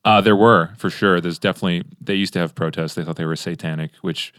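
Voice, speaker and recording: A young man from Los Angeles talking as a podcast guest in a relaxed, rambling way, full of fillers and restarts. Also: low-pitched, quick pace, no echo, studio quality. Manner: laid-back, rambling with many fillers and restarts; does exaggerated impressions in anecdotes. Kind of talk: casual conversation.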